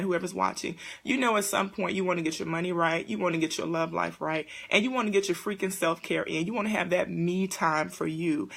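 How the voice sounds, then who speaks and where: Woman, 30s, live-stream host, animated and preachy, bright edge, gravelly fry. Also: fairly low pitch. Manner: animated, preachy, talks straight to viewers with "listen, y'all". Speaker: host of a live chat for single parents. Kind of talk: casual live-stream chat.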